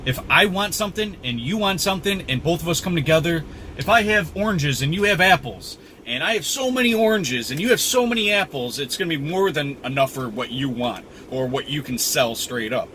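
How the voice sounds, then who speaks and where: A man with a slightly high voice rants while he drives, rambling from point to point and swearing freely. He circles back and repeats himself. Steady road noise from the moving car sits clearly under his voice. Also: brisk, rough recording. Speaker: vlogger. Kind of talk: casual rant while driving.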